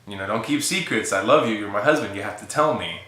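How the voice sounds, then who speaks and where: A man's voice: fairly low pitch, expressive, quick pace, pushed and bright, echoey room. A man casually telling a funny story about his wife, laughing often and quoting her lines. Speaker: guest husband telling a story.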